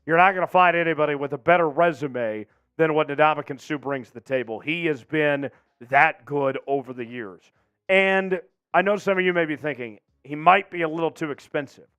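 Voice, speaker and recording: A man hosting a live sports news show, talking fast and animated about players, then coughing, losing his voice and apologizing to viewers. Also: on the high side, clear, resonant tone, no room sound, muffled recording.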